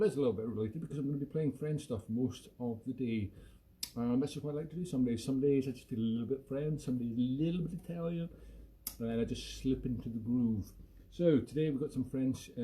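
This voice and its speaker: A man's voice: medium pitch, mellow. A man hosting a casual home music live stream, chatting in a jokey, self-deprecating way. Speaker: musician host.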